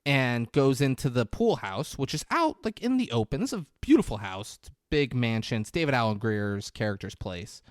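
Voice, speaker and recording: This man talks in a sing-song, brisk way with few pauses, his medium-pitched voice captured in clean studio sound with no echo. Co-hosting a podcast, he casually recounts a film scene, voicing the characters' lines with laughs.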